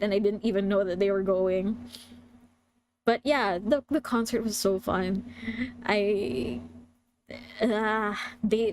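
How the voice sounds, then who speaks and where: Chatty young woman streamer. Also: a little high. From Philippines. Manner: chatty, hesitant, many fillers and restarts. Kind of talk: casual stream lecture.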